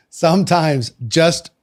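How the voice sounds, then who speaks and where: A man's voice: a little high, a little mellow. A man hosting an interview podcast, reflecting thoughtfully and affirming his guest. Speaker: podcast host. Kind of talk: interview conversation.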